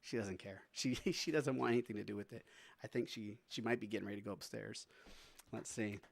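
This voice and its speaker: A man's voice: lowish voice, brisk, vocal fry, dry recording. A man streaming live, chatting casually with his viewers, laughing often and talking to his dog between stories.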